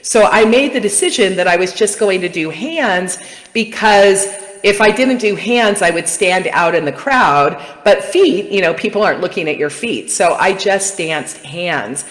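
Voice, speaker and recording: A woman's voice: mid-range voice, unhurried. Chatty woman in an echoey room. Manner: chatty, animated, addresses audience as "you guys". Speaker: vlogger and coach. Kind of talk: casual storytelling to viewers. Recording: echoey room with long reverb.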